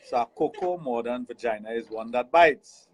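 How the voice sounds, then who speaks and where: Trini guy on the radio, husky voice, frank and explainy, talks mid pitch. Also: lively intonation, normal speed, poor audio. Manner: frank, explanatory, laughs easily. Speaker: radio show host, sexologist. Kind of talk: casual radio talk. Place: radio studio.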